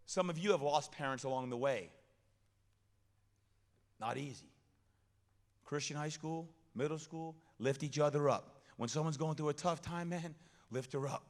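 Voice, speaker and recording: A man giving an energetic motivational chapel talk, leading call-and-response with a crowd in a school hall. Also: a little high, moderate pace, long pauses. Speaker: chapel guest speaker. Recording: echoey hall reverb.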